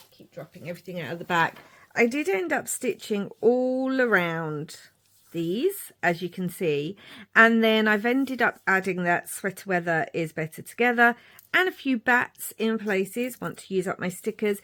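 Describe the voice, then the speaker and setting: A woman, chatting casually as she shows her crafting journal pages. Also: mid-range voice. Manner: chatty, rambling, warm asides. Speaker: crafting vlogger. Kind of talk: casual show-and-tell narration.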